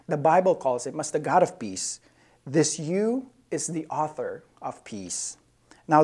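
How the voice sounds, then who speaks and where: A preacher giving a sermon in a measured, phrase-by-phrase delivery, repeating key phrases for emphasis. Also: medium pitch, mellow.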